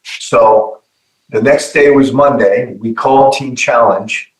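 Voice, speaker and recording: A middle-aged man telling a personal testimony in an earnest, halting way, often repeating his words. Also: medium pitch, reverberant, rough recording. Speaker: guest giving testimony.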